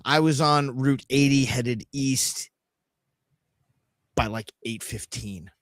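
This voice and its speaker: A man's voice: medium pitch, slow pace, fairly bright tone, no echo, clean studio sound. A middle-aged man co-hosting a podcast, telling a road-trip story casually, swearing and making sound effects. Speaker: podcast co-host.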